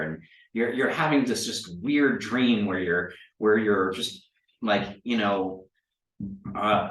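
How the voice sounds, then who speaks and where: A man runs a tabletop game as its game master, his voice sitting low. He stumbles through his narration with fillers and restarts. He is heard from off the mic in an echoey room. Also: recorded from a distance. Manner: rambling, halting with many fillers and restarts.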